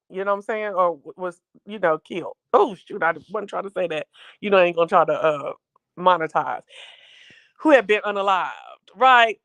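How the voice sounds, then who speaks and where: A woman hosting a casual live-stream recap, talking in a chatty, slangy, animated storytelling way. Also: on the low side, normal speed. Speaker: show recap host.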